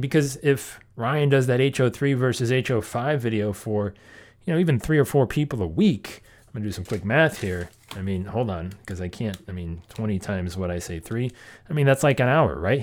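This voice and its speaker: A man's voice: mid-range voice, darkish tone. A man hosting a casual talk about insurance agency marketing, speaking conversationally with many fillers and restarts. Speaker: podcast host.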